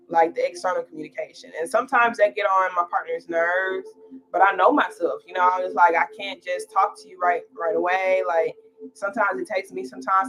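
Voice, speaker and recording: A woman's voice: medium pitch, a bit bright, rough recording. A young woman talking casually on a tarot livestream, chatty and slangy with lots of fillers.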